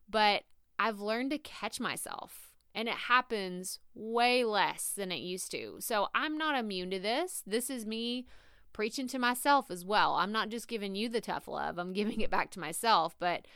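A woman's voice: medium pitch, a bit bright, smooth, dry recording, clean studio sound. A woman with a Texas drawl hosting a solo podcast, giving chatty, direct tough-love advice to listeners she calls y'all. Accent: Texan Southern. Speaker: podcast host.

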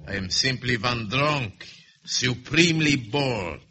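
An actor playing a bored, cruel general in a 1950s radio drama, speaking in a sardonic, contemptuous, measured way. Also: male voice, mid-range voice, lively intonation, bright, forceful tone, exaggerated voice. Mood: menacing. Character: bored, cruel middle-aged male general.

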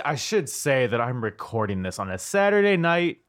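A man's voice: mid-range voice, sing-song, moderate pace, fairly bright tone. An American man hosting a wrestling podcast in casual chat, tipsy, jokey and swearing. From United States. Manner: loose, swearing, jokey and rambling. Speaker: podcast host.

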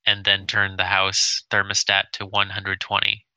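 Rambling man with a crisp, bright voice. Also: low voice, a little slow, no room sound, low-quality recording. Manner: rambling, stammers when excited. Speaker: podcast co-host. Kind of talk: casual chat.

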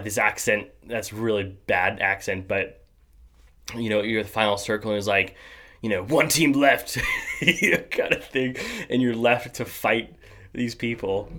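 A man's voice: lowish voice, fairly bright tone. A young adult man hosting a podcast in casual chat, rambling with many fillers and restarts and laughing often. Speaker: podcast host.

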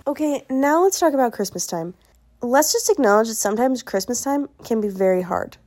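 A woman's voice: a little high, expressive, brisk, darkish tone, faint music behind. Bubbly young woman chatting on a podcast. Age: young adult. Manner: bubbly, chatty, self-mocking. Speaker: podcast host. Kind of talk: casual solo podcast chat.

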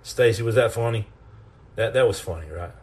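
A man, a former Navy SEAL, hosting a live stream and telling comic stories in an animated, self-mocking way. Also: lowish voice, moderate pace.

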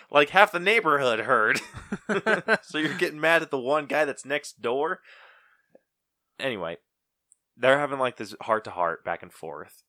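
A man's voice: mid-range voice, big pitch swings, unhurried, pauses often, pushed and bright, no echo, studio quality. A man co-hosting a podcast in casual chat, ranting with profanity and mockingly acting out movie lines. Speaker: podcast co-host.

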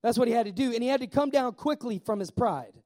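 A man preaching a sermon in a lively way, asking the congregation questions and slowing down to stress key words. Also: very high voice. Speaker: pastor.

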